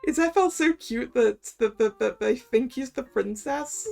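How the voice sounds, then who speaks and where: A woman's voice: on the high side, expressive, unhurried, vocal fry, a little mellow, faint music behind. A woman streaming a game, chatting and giggling as she comments between reading its lines aloud. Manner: giggly, chatty, self-correcting. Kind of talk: let's-play commentary.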